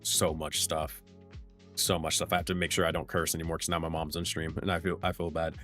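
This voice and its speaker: A man's voice: a bass voice, flat delivery, a little fast, a bit bright, faint music behind. A young man, a streamer and game master, answering chat questions in a loose, rambling way with restarts and casual swearing. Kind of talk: casual livestream Q&A.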